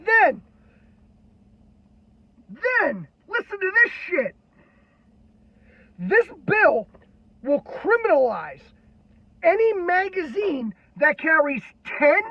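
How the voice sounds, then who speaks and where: Brief: furious veteran ranter, strained very high voice, constant swearing, dull lo-fi recording. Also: male voice, dry recording. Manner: irate, heavily profane, shouting. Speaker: military veteran ranting on video. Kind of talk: angry political rant. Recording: dull lo-fi, dry sound.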